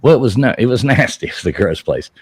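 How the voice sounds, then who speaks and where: A middle-aged man telling a rambling, profane story on a live show, laughing as he goes and shouting out the lines he quotes. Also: mid-range voice, animated, fast talker, breathy edge, dry recording. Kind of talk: casual live-stream storytelling.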